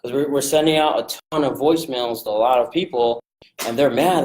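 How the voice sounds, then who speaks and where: Energetic man coaching, roomy sound. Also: medium pitch, a little hiss or hum. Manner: energetic, acts out calls in quick voices. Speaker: real estate investing coach. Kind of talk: casual coaching talk to a group.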